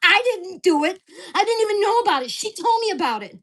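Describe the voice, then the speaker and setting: A woman's voice: very high-pitched, big pitch swings, brisk. An older woman venting angrily and profanely in a casual vlog rant. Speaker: vlogger.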